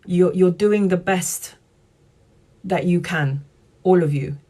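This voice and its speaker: A woman tarot reader talking earnestly to viewers on a live stream, in a chatty, warm-hearted way. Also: lowish voice, slow. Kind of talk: live-stream spiritual talk.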